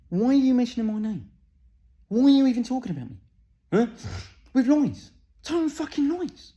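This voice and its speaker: In an English accent, a male comedian does a furious, profanity-laced impression of an English public figure, ranting and snapping "huh?" between lines. His voice is extremely high-pitched yet dark in tone.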